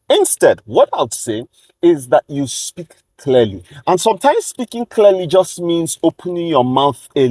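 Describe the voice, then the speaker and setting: A man with a Nigerian accent, a master of ceremonies giving emphatic, measured advice to other emcees, with deliberate pauses. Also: a little high, no room sound, low-quality recording. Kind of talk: coaching talk to camera.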